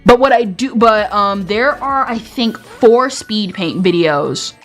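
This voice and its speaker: A woman's voice: medium pitch, slow, a bit bright, faint music behind. A young woman streamer with a slight Southern twang, chatting casually and laughing often, sometimes stuttering and restarting. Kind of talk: casual chat.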